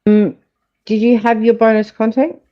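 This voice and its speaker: A woman's voice: a little high, flat delivery, normal speed, dull audio. A woman co-hosting a livestream, giving brief, dry reactions in casual chat.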